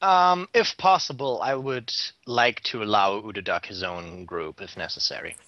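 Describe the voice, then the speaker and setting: A man's voice: fairly low pitch, moderate pace, no room sound. A man playing a tabletop game, speaking in a polite, brief way. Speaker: player. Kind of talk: tabletop role-play. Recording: dull lo-fi sound.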